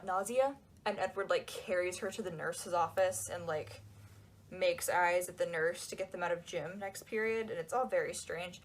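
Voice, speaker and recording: A young woman giving casual, sarcastic commentary on a book, acting out quotes in quick asides. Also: mid-range voice, husky, rough recording. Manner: sarcastic, chatty, acts out quotes.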